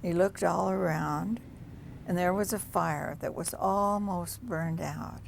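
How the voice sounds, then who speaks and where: A woman tells a children's folk tale aloud, leaning on rhythmic repeated refrains. Her voice is low with a strong gravelly fry. Faint background noise runs underneath. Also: slow pace. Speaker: storyteller. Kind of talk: oral children's storytelling.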